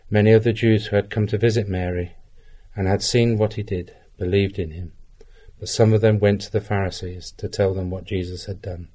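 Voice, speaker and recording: A man reading a Gospel passage aloud in a measured, even way. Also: low voice. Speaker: scripture reader.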